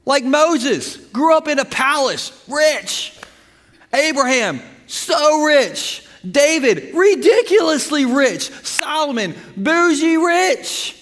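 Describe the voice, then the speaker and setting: A man preaching a sermon as pastor, animated and humorous, telling stories with bursts of emphasis. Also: very high voice, slow pace. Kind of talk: sermon with storytelling. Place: church sanctuary. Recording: long hall reverb from the church.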